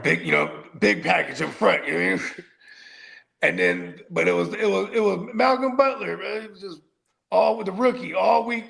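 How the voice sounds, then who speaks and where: A man co-hosting a casual sports podcast, telling stories in an animated, profane way that swings between loud bursts and quiet asides. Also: fairly high pitch, gravelly. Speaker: podcast co-host.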